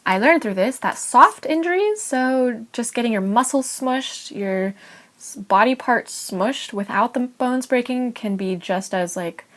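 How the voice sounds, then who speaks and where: A woman's voice: on the high side, unhurried. A young woman from California with an American accent, telling a personal story in a casual, chatty vlog full of "like" and light laughs. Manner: chatty and animated, with frequent "like" and laughs. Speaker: vlogger.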